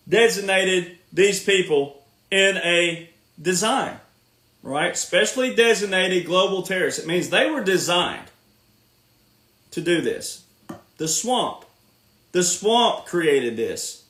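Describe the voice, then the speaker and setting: Man podcast host, sarcastic lecturing rant, bright tense voice, echoey room. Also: high-pitched.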